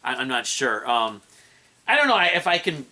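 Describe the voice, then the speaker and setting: A man's voice: medium pitch, sing-song, moderate pace, pushed and bright. A man reviewing an album in a casual, rambling way, with many fillers and restarts. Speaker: music reviewer.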